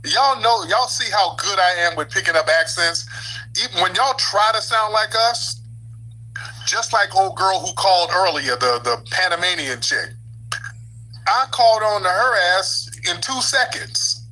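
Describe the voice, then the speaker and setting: A man's voice: high voice, lively intonation, a little slow, bright, forceful tone, low-quality recording. A man hosting a call-in show, mocking and confronting a caller. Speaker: talk show host.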